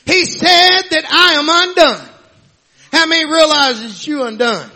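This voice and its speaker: A man preaching a fervent sermon, often shouting, with frequent amens and hallelujahs. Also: very high-pitched, a little slow.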